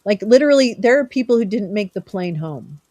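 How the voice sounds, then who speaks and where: A woman's voice: mid-range voice, expressive, a little fast, warm tone, dry recording. A middle-aged woman from California, hosting a live stream and chatting casually with viewers, rambling and teasing them by name.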